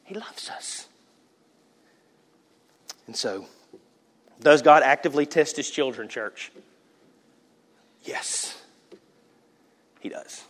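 A man preaching a sermon, swinging between loud, animated passages and hushed asides. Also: mid-range voice. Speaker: pastor.

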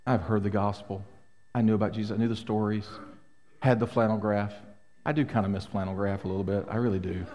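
A middle-aged pastor with a fairly low, dark voice preaches quickly but in a steady tone to his congregation. Emphatic and full of rhetorical questions, his sermon rings through the church sanctuary with long hall reverb.

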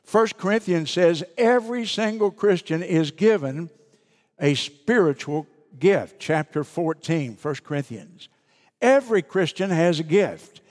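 A middle-aged man pastor preaching a sermon, deliberate and repeating key phrases for emphasis. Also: high-pitched, animated, darkish tone, in a large hall.

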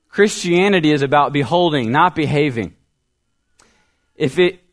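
A young male pastor delivers a sermon in an earnest, storytelling way. His voice sits at a middle pitch, pushing up on key points and trailing off quietly at the ends of phrases.

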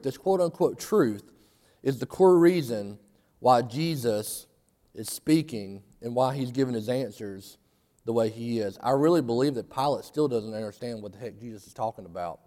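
A man preaching a sermon in a church, talking conversationally and getting animated for emphasis. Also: fairly high pitch, big-room sound. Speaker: pastor. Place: church sanctuary.

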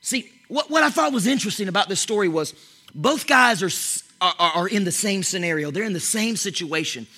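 A man preaching an animated sermon, swinging from loud exclamations to hushed whispers, often restarting and repeating his words. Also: high-pitched, brisk, husky. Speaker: pastor. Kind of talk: energetic sermon.

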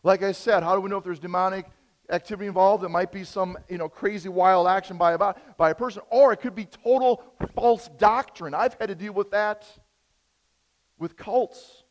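A man preaching a sermon, telling stories with big swings from quiet to loud. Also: high voice, moderate pace, in a large hall. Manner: animated storytelling, big swings in loudness. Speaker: pastor.

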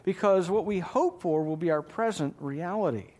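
A man's voice: sits high, lively intonation, moderate pace, a little mellow. A man preaching a sermon as pastor, emphatic and calling out for amens from his congregation. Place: church.

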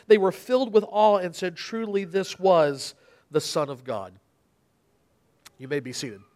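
A man's voice: high-pitched, darkish tone. A man preaching in a church service, reading scripture dramatically and then explaining it. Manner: dramatic reading with emphatic quoted speech.

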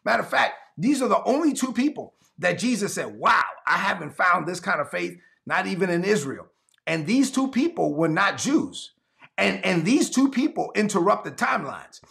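Gravelly, high-voiced male preacher. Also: a bit bright. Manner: emphatic, repetitive, exhorting. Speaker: pastor. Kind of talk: sermon.

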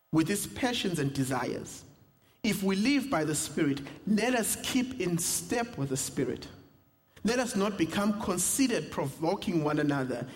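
A young South African man, a pastor, preaching a sermon with humor and personal stories. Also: high-pitched. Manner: storytelling with humor, animated asides. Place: church sanctuary. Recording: reverberant church hall.

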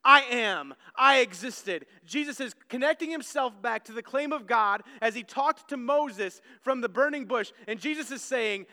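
A man's voice: very high-pitched, moderate pace, few pauses, bright, forceful tone. A man preaching a sermon as pastor, telling stories earnestly and often repeating words as he restarts a phrase. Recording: long church hall reverb.

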